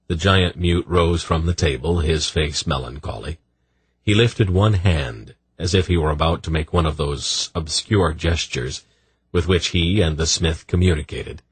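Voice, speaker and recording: A man narrating an audiobook in a measured storytelling manner. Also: rumbling low, slightly rough, no echo. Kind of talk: scripted narration.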